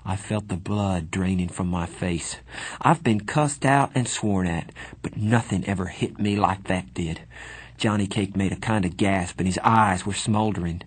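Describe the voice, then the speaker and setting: A man reading a first-person story aloud in a measured, even storytelling manner. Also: low voice, husky. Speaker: audiobook narrator. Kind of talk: scripted first-person narration.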